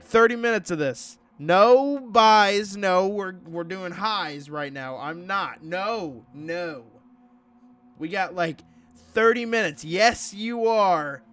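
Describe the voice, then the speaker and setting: Gaming streamer: a fairly high-voiced man who reads game text aloud and reacts jumpily, with unhurried delivery. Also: a bit bright. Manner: jumpy, talks back to game characters with pleading and protests. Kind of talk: live game playthrough, reading on-screen text aloud and reacting.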